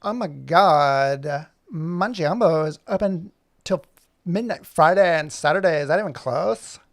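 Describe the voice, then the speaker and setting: Chatty female cartoon dog with a slight Valley Girl accent, put on by a man, bright and raised. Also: fairly high pitch, unhurried, no echo, clean studio sound. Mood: bubbly.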